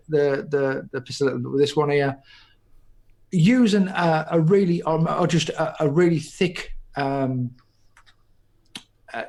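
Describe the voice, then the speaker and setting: This man co-hosts a podcast, and his fairly high-pitched, faintly mellow voice wanders through casual chat full of restarts and rambling.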